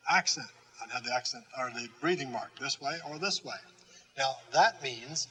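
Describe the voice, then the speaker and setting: An older man giving a recorded Greek grammar lecture, slow and deliberate, with frequent "uh" fillers and repeated key terms. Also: mid-range voice, pushed and bright, poor audio. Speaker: Greek teacher.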